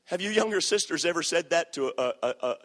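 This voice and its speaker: A man preaching a sermon, animated and playful as he acts out scenes for the crowd. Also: a little high, fast. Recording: echoey hall.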